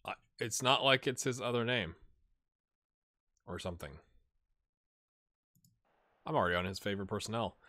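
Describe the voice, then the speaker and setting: Bright-voiced man commentating his gameplay. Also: lowish voice, normal speed, pauses often, no room sound, studio quality. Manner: thinks aloud, bursts into excited play-by-play. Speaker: gaming channel host.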